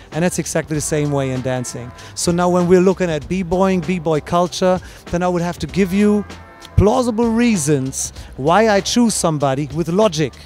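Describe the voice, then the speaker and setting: At a dance event, a man with a fairly high, darkish voice answers an interview question at length. He judges breakdancing and explains how he scores, with many fillers and restarts.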